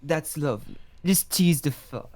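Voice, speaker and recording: A man voicing a prim, fussy British gentleman with a put-on posh British accent, in improvised comedic role-play on a stream. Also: a little high, lightly acted. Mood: pompous. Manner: pompous, slow and savoring.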